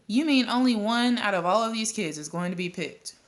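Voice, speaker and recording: A woman's voice: mid-range voice, lively intonation, a little fast, pitched above the performer's own voice, lightly acted. A woman voicing an eager, curious young boy who keeps asking questions in a storybook reading.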